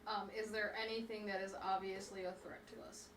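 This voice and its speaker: A woman's voice: mid-range voice, flat delivery, fairly quick, a bit bright, slight background noise. A woman playing a tabletop game, talking casually with hesitant fillers. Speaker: player. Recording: echoey room.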